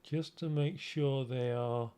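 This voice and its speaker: A man with a smooth, mid-pitched voice hosts an easygoing livestream, walking viewers through his makeup unhurriedly. As a streamer he rambles, mocks himself, and keeps restarting what he says.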